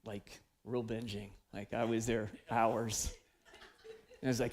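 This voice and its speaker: A man's voice: mid-range voice, animated, moderate pace, creaky. A man preaching a conversational sermon, confessional and storytelling, acting out his own inner voice. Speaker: pastor. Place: church sanctuary.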